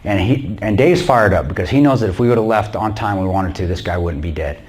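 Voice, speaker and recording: A man's voice: fairly low pitch, brisk, a little mellow. Blunt, plain-spoken man. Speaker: guest speaker recounting combat. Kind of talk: storytelling talk to a church audience. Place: small church.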